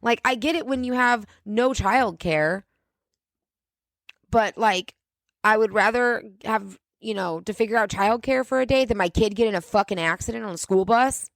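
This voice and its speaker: A woman's voice: a little high, normal speed, vocal fry, no room sound. A woman hosting a solo podcast, ranting in a sarcastic, profane way about things that annoy her. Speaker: podcast host.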